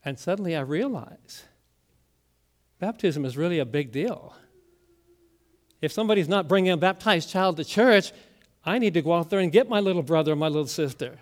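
A middle-aged man preaching a sermon as pastor, telling stories and dropping to a near hush on the words that matter. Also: a little high, animated, moderate pace, long pauses. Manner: storytelling preacher, drops to a hushed voice on key words.

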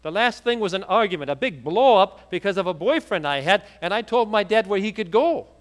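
A woman's voice: mid-range voice, sing-song, moderate pace, big-room sound, natural voice. A man preacher voicing a young woman who pleads and grows more upset as she hears her estranged father is in hospital. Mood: distraught. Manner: pleading, rising to near shouting.

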